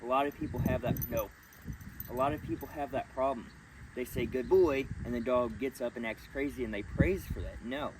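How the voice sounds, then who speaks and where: A man's voice: medium pitch, fairly even intonation, fairly quick. A man working as a dog trainer, explaining training in a blunt, casual way while giving the dog short commands. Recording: distant mic with loud outdoor noise.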